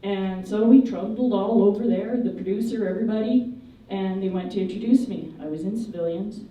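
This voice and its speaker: A woman giving a memorial eulogy, telling funny, lively anecdotes about the people she remembers. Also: medium pitch, a little fast. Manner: lively, humorous storytelling. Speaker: eulogy speaker. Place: memorial service hall. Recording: echoey hall, voice from a distance.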